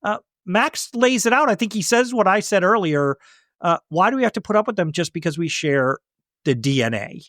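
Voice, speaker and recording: A man co-hosting a podcast, calmly walking through a film's scenes one by one. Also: high voice, a little fast, dry recording, studio quality. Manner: relaxed, recaps scenes step by step. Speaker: podcast co-host. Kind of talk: casual film discussion.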